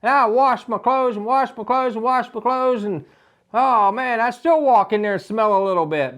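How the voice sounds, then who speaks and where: Man, high voice, folksy rambling tall-tale teller, comic monologue. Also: normal speed, a bit bright. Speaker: comedic storyteller.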